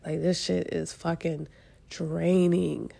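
A woman hosting her own podcast, venting in a halting, profane, frustrated way while near tears and congested. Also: sits low, flat delivery, vocal fry, warm tone. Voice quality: congested from sinus trouble. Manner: halting, profane and frustrated, with many restarts and trailing pauses. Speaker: podcast host. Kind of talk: emotional solo podcast venting.

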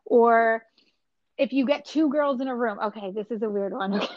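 Her voice is fairly high and moves at normal speed, captured in a dry, lo-fi recording. As a guest in a casual call, she's a blunt, chatty storyteller who keeps saying "like" and "you know what I mean."

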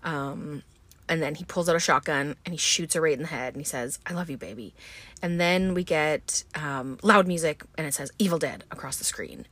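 A woman hosting a podcast walks through a film plot in a loose, chatty way, full of um and like. Her voice sits on the lower side for a woman. She records on a boat, and the sound is close and dry. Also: moderate pace, a bit bright, dry recording. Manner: chatty, many fillers like um and like. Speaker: podcast host. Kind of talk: casual movie recap.

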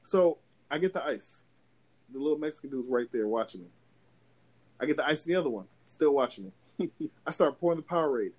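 A man's voice: a little high, a little fast, pauses often. A young man on a podcast telling a long story in casual chat, cursing a lot and acting out every voice in it. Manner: animated, profane, acts out both sides of a story. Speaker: podcast co-host.

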